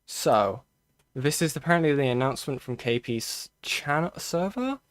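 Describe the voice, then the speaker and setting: A man in a casual live-stream commentary, talking to his chat as he reads through things on screen. His voice sits in an ordinary middle pitch and is recorded dry and close, with no room sound. He thinks aloud, stalls on restarts and keeps coming back to "okay". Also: animated, no room sound. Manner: halting, thinking aloud with restarts and frequent okays. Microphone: close desk mic.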